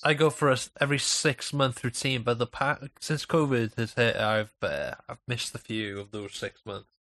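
A man's voice: mid-range voice, normal speed, a bit bright, dry recording. A Welsh man hosting a podcast in casual banter, playful and teasing, on a professional mic. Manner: playful, teasing, sets up bits. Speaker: podcast host. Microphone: professional microphone.

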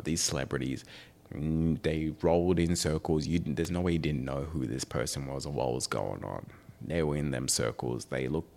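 A man's voice: extremely low pitch, gravelly, darkish tone. A young man hosting a podcast, chatting casually in a rambling, joking, offhand way. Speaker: podcast host. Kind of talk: casual chat.

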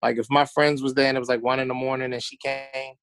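A man's voice: medium pitch, level tone, fast, a bit bright, a little hiss or hum. A man, a podcast guest telling loose stories in casual chat and acting out what people said. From Baltimore. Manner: loose storytelling, acts out quotes.

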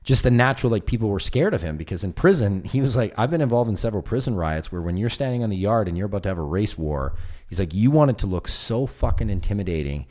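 A man with a very low, deep voice chatting casually. He tells long stories with lively energy and slips into the voices of the people he quotes. The talk is loose and conversational. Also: fast. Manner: animated storyteller, acts out quoted voices. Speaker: film producer guest. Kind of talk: casual chat.

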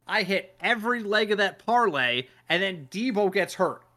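A man hosting a casual sports podcast, talking in an animated way, swearing and acting out what other people said. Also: high voice, normal speed. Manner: animated, swears, acts out quoted voices. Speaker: podcast host.

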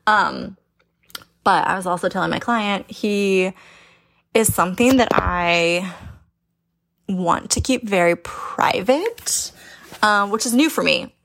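A young woman hosts her own podcast in loose, candid chat. Her voice has a gravelly fry and she takes her time, lacing her talk with swearing and constant "like" fillers. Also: medium pitch, takes it slowly, pauses often, fairly bright tone. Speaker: podcast host. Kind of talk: casual chat.

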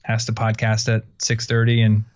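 A man's voice: fairly low pitch, monotone, moderate pace, darkish tone, lo-fi sound. A man hosting a podcast, chatting casually and rambling with lots of fillers. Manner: laid-back, rambling with many fillers and laughs. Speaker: podcast host. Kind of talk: casual chat.

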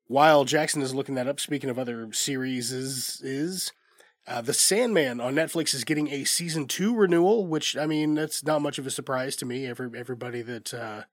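A man's voice: medium pitch, fairly quick, dry recording. A man hosting a movie news podcast from a studio, a bit congested from a cold, talking in a laid-back, rambling way. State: congested, under the weather. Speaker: podcast host. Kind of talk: casual movie news chat. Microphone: studio mic.

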